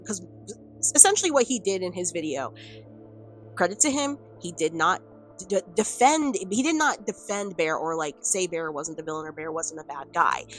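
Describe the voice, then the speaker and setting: Rambling woman vlogger, lowish voice. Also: lively intonation, moderate pace, faint music behind. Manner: rambling, filler-heavy with frequent "like" and "um"; chatty, laughs between points. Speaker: video commentator. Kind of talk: casual commentary vlog. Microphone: camera on a stand.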